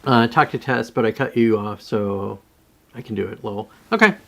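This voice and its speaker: A man's voice: fairly low pitch, moderate pace, gravelly, a bit bright. A man hosting a casual live stream, rambling and swearing as he reads chat comments aloud and reacts to them.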